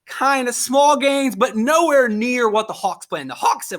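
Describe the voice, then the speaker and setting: A man teaching a history lesson in a casual, animated way, often acting out quoted voices. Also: very high-pitched, normal speed, hardly any pauses. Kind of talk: casual lecture.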